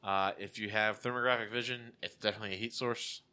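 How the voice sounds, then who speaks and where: Bright-voiced man running a tabletop game. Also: on the low side, steady tone, clear, resonant tone. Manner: halting, self-correcting, casual narration. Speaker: game master.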